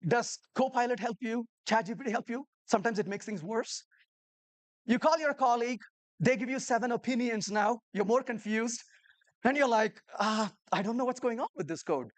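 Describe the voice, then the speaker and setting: A woman giving a live talk to a room of developers, telling stories and asking the audience rhetorical questions. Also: medium pitch. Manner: animated storyteller who acts out conversations. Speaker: conference speaker.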